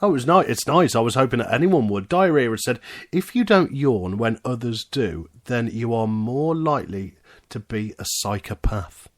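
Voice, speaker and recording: A man's voice: mid-range voice, sing-song, moderate pace. A man hosting a casual podcast, joking around and hyping up announcements like a showman. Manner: playful, hypes up announcements like a showman. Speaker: podcast host.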